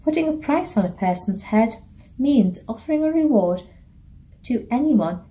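A woman's voice: fairly high pitch, animated, moderate pace, warm tone, natural voice. A woman doing a teasing, matter-of-fact big brother. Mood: reassuring. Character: older brother, a boy, teasing but reassuring.

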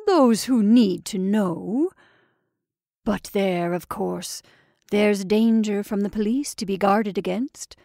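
A woman's voice: mid-range voice, slow pace, gravelly, mellow, dry recording, clean studio sound. A woman voicing a sly, wheedling male inn waiter who talks in a drawling, conspiratorial way and often drops to a whisper.

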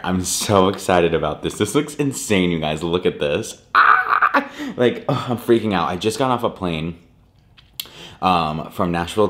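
Low-voiced chatty young man vlogging. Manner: bubbly, chatty, many fillers. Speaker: food vlogger. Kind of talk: casual mukbang vlog.

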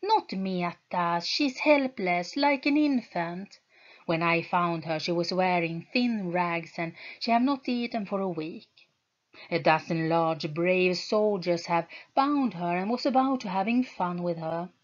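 A kind yet firm young heroine, earnest and protective, read by a woman. She speaks slowly and steadily. The recording is dull and lo-fi. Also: lowish voice, lively intonation.

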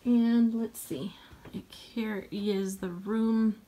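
A woman's voice: medium pitch, fairly even intonation, very slow, dark tone. A woman filming a casual room-tour vlog at home, chatty and rambling with lots of fillers. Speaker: home decor vlogger. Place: bedroom at home.

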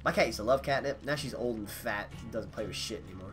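A man's voice: fairly low pitch, quick pace, fairly bright tone. Joking man streamer, music behind. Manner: goofy, joking, swears freely. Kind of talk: casual stream banter. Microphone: desk mic.

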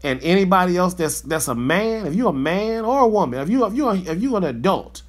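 A man's voice: high-pitched, sing-song, brisk. A man hosting a podcast, ranting in a fired-up, profane, slangy way in a casual monologue. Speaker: podcast host.

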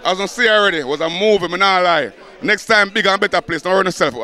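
A man with a Jamaican accent giving hype shout-outs in patois at a party he helped organize. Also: high-pitched, quick pace.

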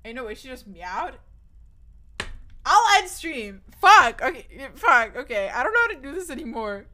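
This young woman's voice sits high and is very animated, pushed and bright, moving at normal speed. Chatting with her stream viewers, she rambles, restarts a lot, swears, and sounds nervous as her voice cracks.

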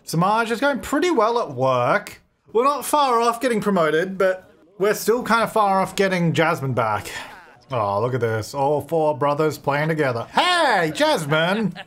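A man's voice: a little high, a bit bright. A man giving casual gameplay commentary, chatty, talking to his game characters and laughing often. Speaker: gaming video creator.

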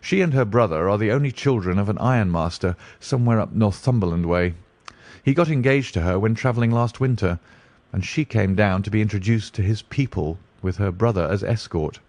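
Aloof genius detective in a storybook, low and deliberate, read by a man. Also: darkish tone, dry recording, lightly acted. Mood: musing. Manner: deliberate, musing. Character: brilliant, dreamy male detective, aloof.

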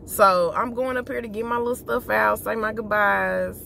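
A woman's voice: fairly high pitch, normal speed, vocal fry, hardly any pauses. A woman vlogging in a candid, profane, chatty way while driving, filmed on a phone. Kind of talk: casual talk-to-camera vlog. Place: inside a car while driving. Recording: loud car noise.

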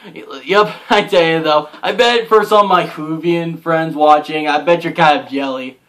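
An excitable young guy does casual unboxing commentary as a vlogger, gushing with lots of "like" and "oh my gosh." His voice is a little high and his pace is normal.

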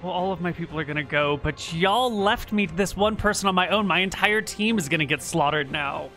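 A man's voice: sits high, a little fast, pushed and bright, faint music behind. A man playing a tabletop game, playfully narrating what his characters do. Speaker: player.

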